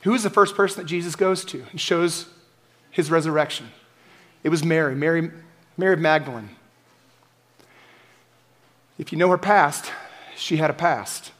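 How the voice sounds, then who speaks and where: A man preaching an Easter sermon as pastor, building to forceful emphatic peaks and dropping to quiet, intimate asides. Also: fairly high pitch, normal speed, pauses often.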